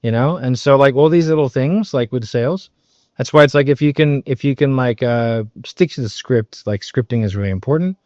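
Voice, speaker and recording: A man's voice: medium pitch, a little fast, a little mellow, no room sound. A man coaching on sales in casual talk, emphatic and loose, with frequent fillers, swearing and "right?" tag questions. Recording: dull, slightly muffled recording.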